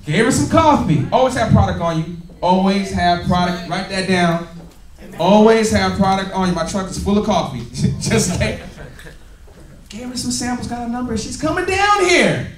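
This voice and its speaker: A high-voiced man leads a lively business training, laughing and drawing answers from his listeners. His voice carries through an echoey meeting room and sounds distant from the mic. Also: normal speed, a crowd in the background. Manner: energetic, laughing, call-and-response with audience. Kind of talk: motivational training talk. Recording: echoey room, recorded from afar.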